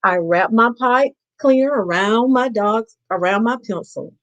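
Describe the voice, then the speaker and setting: A woman's voice: fairly high pitch, measured pace, few pauses, a bit bright, rough recording. A woman host reading a picture book aloud to children on a live stream, playfully stopping to ask them questions.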